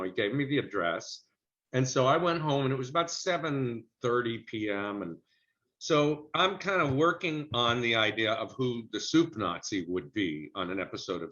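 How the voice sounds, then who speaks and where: With a mid-range, somewhat bright voice, a middle-aged actor tells an interviewer a chatty anecdote from his career, dropping into character voices whenever he quotes someone. The audio is muffled lo-fi.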